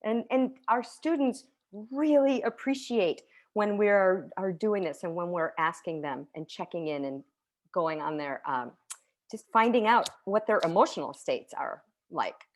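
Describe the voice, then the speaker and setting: A woman teacher talks through an online conference session on a video call. Her delivery is lively and conversational, full of asides and quick checks with her listeners. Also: on the low side. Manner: lively, conversational, with frequent "right?" and soft laughs. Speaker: teacher giving a conference talk.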